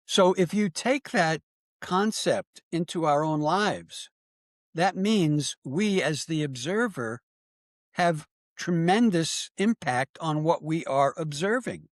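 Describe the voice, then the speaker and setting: Teacherly older man, fairly high voice. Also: animated, takes it slowly, dry recording, clean studio sound. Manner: earnest, emphatic, teacherly with tag questions. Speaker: psychologist and author guest. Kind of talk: interview answers, explanatory.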